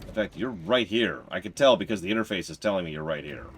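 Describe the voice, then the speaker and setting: A man's voice: deep voice, lively intonation, fast, a little hiss or hum. A man streaming a game, chatting and musing analytically as he plays. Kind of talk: casual commentary while playing.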